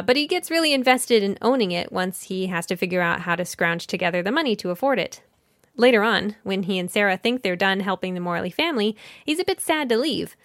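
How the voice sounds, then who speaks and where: A woman's voice: medium pitch, a bit bright, no room sound, clean studio sound. A woman hosting a children's book podcast, summarizing and discussing a story in a conversational way, thinking aloud and correcting herself now and then.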